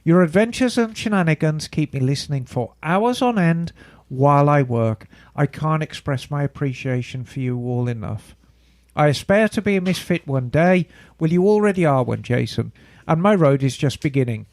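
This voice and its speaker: A man's voice: fairly high pitch, moderate pace, no echo, studio quality. A man co-hosting a podcast, reading a listener's email aloud in a casual, playful way with joking asides. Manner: playful, breaks into mock British asides while reading. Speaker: podcast co-host.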